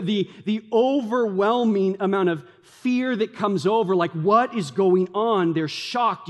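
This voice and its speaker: A man preaching a sermon as a pastor, telling stories in an animated way and leaning on "like" as a filler. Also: high voice. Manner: animated storytelling, many fillers like "like". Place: church sanctuary. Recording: long hall reverb.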